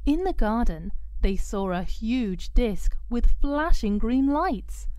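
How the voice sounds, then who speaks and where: Slow, gentle woman reading a children's story. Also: fairly high pitch, lively intonation, no room sound.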